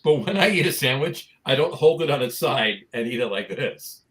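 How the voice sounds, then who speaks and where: A man's voice: mid-range voice, lively intonation, moderate pace, fairly bright tone. A man hosting a casual craft beer talk show, upbeat and jokey as he banters with his co-host. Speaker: podcast host. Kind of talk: casual chat.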